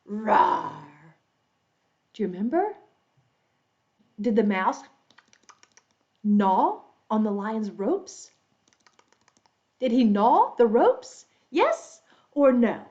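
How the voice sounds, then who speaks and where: Woman, storytelling teacher, lively pitch, dull lo-fi recording. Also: very slow, pauses often. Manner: animated, adds roars and squeaks for the animals; explains words and quizzes young listeners. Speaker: English teacher for kids. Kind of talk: reading a children's story aloud.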